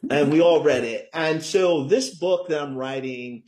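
A man's voice: on the high side, measured pace, a little mellow. Chatty middle-aged man tagging "right?". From Northeastern US. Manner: rambling, tags many points with "right?". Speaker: author and guest. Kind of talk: casual interview chat.

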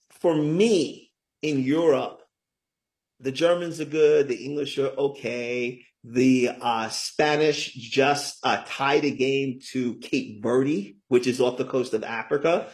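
A middle-aged man talking as a guest author in an interview, enthusiastic and often tagging his points with "right?". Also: medium pitch. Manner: enthusiastic, keeps asking "right?". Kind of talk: conversational interview talk.

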